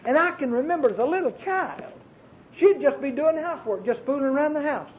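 High-voiced preacher on tinny tape. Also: male voice, animated, a little fast. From Arkansas, US. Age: 40s. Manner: emphatic, storytelling, repeats phrases. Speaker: Baptist preacher. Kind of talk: fervent sermon. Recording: tinny lo-fi recording with faint hiss and rumble.

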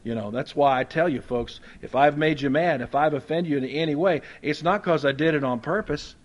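Baptist pastor guy preaching, kinda high voice, chatty and folksy, gets loud then goes real quiet. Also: brisk, highs cut off. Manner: conversational, folksy preaching with humorous asides; swings between loud emphasis and quiet, soft-spoken moments. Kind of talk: sermon.

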